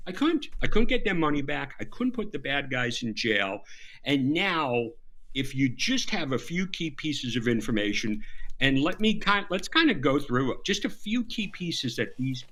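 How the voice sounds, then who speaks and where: A man's voice: medium pitch, sing-song, moderate pace, pushed and bright. A middle-aged man with a Southern American accent, speaking as a guest on a video call about his years in law enforcement, emphatic and sarcastic. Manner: emphatic, storytelling, self-deprecating and sarcastic. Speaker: guest, former FBI agent turned cybersecurity speaker. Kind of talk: animated interview conversation.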